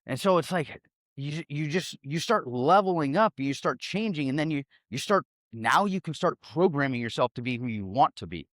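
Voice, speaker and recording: Profane, emphatic man with a higher voice. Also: animated, normal speed, a bit bright, no room sound, clean studio sound. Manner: profane, emphatic, rambling with many fillers. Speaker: self-help speaker. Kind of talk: casual motivational monologue.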